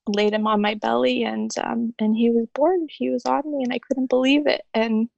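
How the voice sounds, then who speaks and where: A woman guest telling her own story in an emotional interview, tender, with soft laughter through tears. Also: a little high, steady tone, normal speed, vocal fry, no echo, lo-fi sound.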